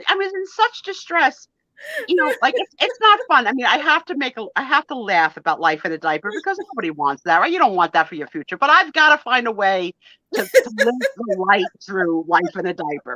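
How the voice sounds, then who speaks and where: A middle-aged woman hosting a live stream, telling a story in a casual, animated way, laughing and acting out the lines she quotes. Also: a little high, fairly quick, dry recording, highs cut off. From United States. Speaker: host.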